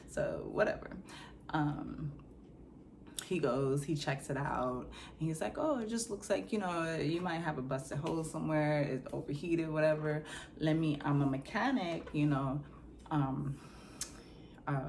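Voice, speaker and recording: A woman vlogger telling a story in a casual, slangy, animated way, acting out scenes with sound effects. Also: low-pitched, moderate pace, gravelly, slight background noise.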